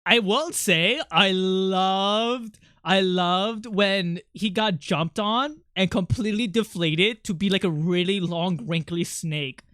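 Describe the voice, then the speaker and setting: A man's voice: high-pitched, slow, a bit bright, no echo, clean studio sound. A man chatting casually on a livestream, rambling with lots of fillers and restarts. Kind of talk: casual stream chat.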